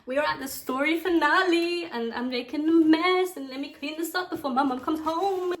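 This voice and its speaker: Chatty, dramatic young British woman. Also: high voice. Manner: chatty and dramatic, quick asides. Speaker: vlogger telling a story time. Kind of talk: casual storytime chat while doing makeup. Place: bedroom at home. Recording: echoey room.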